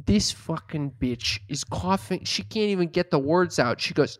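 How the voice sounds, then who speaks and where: Profane, exasperated storyteller with a dry sound. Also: male voice, fairly high pitch, expressive, normal speed, no echo. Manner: profane, exasperated storytelling with mocking put-on quotes. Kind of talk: casual storytelling chat.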